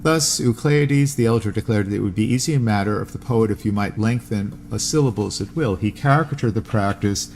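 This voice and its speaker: Low voiced guy reading old text on his podcast, spells greek words letter by letter, slight hum behind. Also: brisk, hardly any pauses, darkish tone. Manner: reads with asides, spells out Greek letters one by one. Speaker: podcast host. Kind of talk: reading aloud a classical text.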